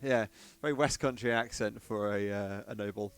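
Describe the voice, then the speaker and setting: A man playing a tabletop game, chatting in a relaxed, chuckling way. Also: fairly low pitch, normal speed, over loud music. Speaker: player. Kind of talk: casual chat at a game table.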